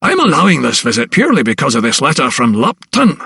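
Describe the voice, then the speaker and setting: A man's voice: wildly swooping pitch, quick pace, gravelly, sharp tone, husky, no echo, clean studio sound, full character voice. A man voicing an elderly male asylum principal who is arrogant and dismissive, speaking in a raised, condescending tone in an audiobook. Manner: condescending, pitched higher.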